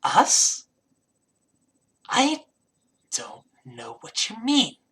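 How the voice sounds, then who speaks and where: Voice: mid-range voice, wildly swooping pitch, extremely slow, fairly bright tone, slightly rough, pitched above the performer's own voice, full character voice. The game master voicing a small, scared male kobold who squeals and talks in short, broken phrases. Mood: confused, pleading.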